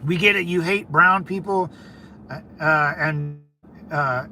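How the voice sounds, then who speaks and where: A Californian man hosts a casual livestream, speaking slowly in a slightly high, bright and forceful voice with a little hiss or hum behind it. He rambles conversationally, talks back to viewers, and says "man" and "dude" a lot.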